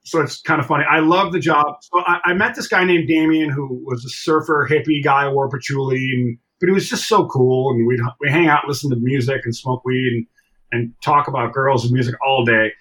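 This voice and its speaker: A middle-aged man telling stories from his past in a casual interview, animated and acting out the voices of people he quotes. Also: mid-range voice, a little fast. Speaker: drummer and podcast guest.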